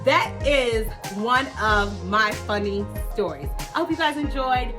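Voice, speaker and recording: A middle-aged woman hosting a vlog, telling a family story in an animated, dramatic way and acting out what the others said. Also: fairly high pitch, a little slow, over music. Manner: animated, dramatic retelling that acts out the others' lines.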